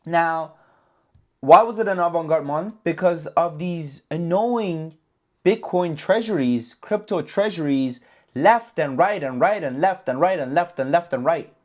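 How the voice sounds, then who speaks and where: Male trading vlogger, talks fast and loose, swears, repeats for emphasis, lively pitch, slightly high voice. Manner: animated, profane, repeats himself for emphasis. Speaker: trading channel host. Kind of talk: casual trading recap vlog.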